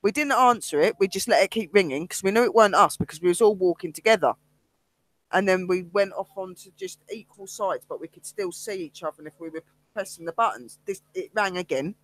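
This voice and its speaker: Animated woman telling ghost stories. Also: on the low side, a little fast, no room sound. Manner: animated storytelling, acts out other people's lines. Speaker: paranormal investigator and medium. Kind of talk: casual chat on a livestream.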